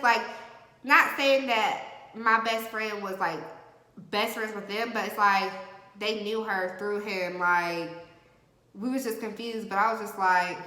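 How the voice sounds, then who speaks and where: Bright-voiced young woman telling a story. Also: medium pitch, a little slow. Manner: animated, slangy storytelling with lively quoted voices. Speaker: vlogger. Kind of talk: casual storytime while doing makeup. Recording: echoey room with long reverb.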